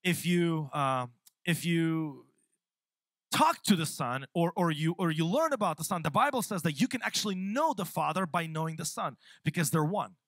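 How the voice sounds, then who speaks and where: Lively young male preacher, higher pitch. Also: moderate pace, no room sound. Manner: lively, repeats words, laughs at own jokes. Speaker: pastor. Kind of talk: sermon. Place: church sanctuary. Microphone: handheld or stand mic.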